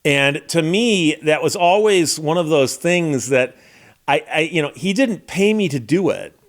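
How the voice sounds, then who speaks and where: This American man, middle-aged, a lawyer who hosts on YouTube, has a fairly high voice with lively intonation and a slightly slow pace. He delivers a reflective, somber, casual monologue, often restarting sentences.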